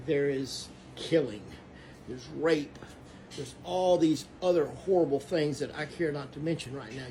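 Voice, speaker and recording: A man's voice: fairly high pitch, a little mellow, a little hiss or hum. A man from Texas, earnestly telling a personal faith story that turns preachy. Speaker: Christian storyteller. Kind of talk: casual testimony.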